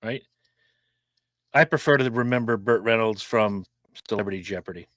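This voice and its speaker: A man's voice: fairly low pitch, normal speed, a bit bright, no room sound. A man co-hosting a casual podcast chat, blunt and jokey as he tells stories. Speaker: podcast co-host.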